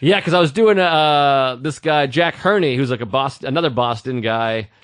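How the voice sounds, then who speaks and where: A man's voice: mid-range voice, normal speed, fairly bright tone, clear, resonant tone, no room sound. A man co-hosting a podcast in casual chat, a crude, joking storyteller who acts out what other people said. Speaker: podcast co-host. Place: podcast studio.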